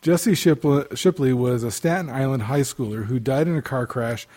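A man's voice: mid-range voice, mellow. A man co-hosting a casual podcast, reading odd news stories aloud with stumbles and restarts. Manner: halting, many restarts, laughs at stories. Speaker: podcast co-host.

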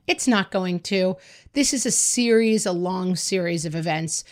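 A woman's voice: fairly low pitch, a little slow. A woman in her fifties, a podcast host giving frank, conversational advice in answer to a listener question. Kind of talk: casual advice talk.

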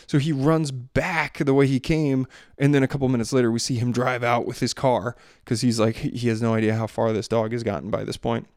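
A man's voice: mid-range voice, flat delivery, brisk, hardly any pauses, darkish tone, no room sound, clean studio sound. A man in his thirties or forties, a podcast host and father, telling a story in a loose, rambling way with lots of fillers and restarts, recorded in a bedroom on a handheld mic. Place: bedroom at home. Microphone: handheld microphone.

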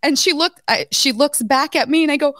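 A woman's voice: high voice, brisk, no echo. A woman co-hosting a podcast, telling stories with lots of swearing and laughter in a casual chat. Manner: animated storyteller, swears freely, laughs often. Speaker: podcast co-host.

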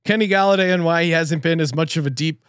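A man's voice: a little high, fast talker, fairly bright tone, smooth, no room sound, studio quality. A man co-hosting a casual sports betting chat, joking and laughing easily. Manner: laughs easily, jokey, rambling. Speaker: sports betting show co-host.

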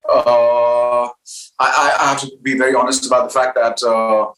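A man speaking as a podcast guest, in thoughtful, halting casual chat with many restarts. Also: medium pitch, level tone, a bit bright, reverberant, a little hiss or hum, poor audio. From India.

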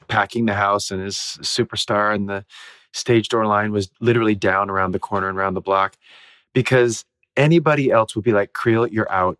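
A man's voice: lowish voice, dry recording. Laughing man telling backstage stories. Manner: animated, laughs often while telling stories. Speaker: guest actor. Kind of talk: casual interview storytelling.

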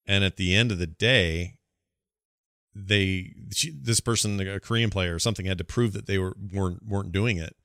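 Low-voiced man co-hosting a casual podcast. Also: moderate pace, fairly bright tone, no echo, studio quality. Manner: rambling, self-correcting, reads listener emails. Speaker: podcast co-host. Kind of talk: casual chat.

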